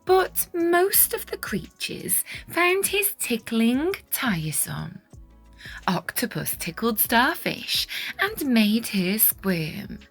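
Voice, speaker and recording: A woman reading a children's picture book aloud in a sing-song, expressive way, her voice husky and breathy and often sinking to a whisper. She reads very slowly, and her pitch rolls up and down through every line. Soft music plays underneath. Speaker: children's story reader.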